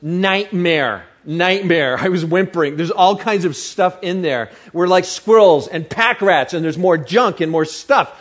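A high-voiced man delivers a casual sermon. He jokes and keeps throwing questions out to the listeners in front of him. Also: moderate pace, few pauses. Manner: chatty, joking, asks the crowd questions. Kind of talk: sermon to a live audience.

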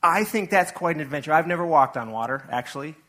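A man delivering a sermon in a church, talking to the congregation like he's chatting with them. His voice is bright and a touch high, and he breaks up the reading with quick asides. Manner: conversational, animated preaching with asides and acted-out quotes. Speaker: pastor.

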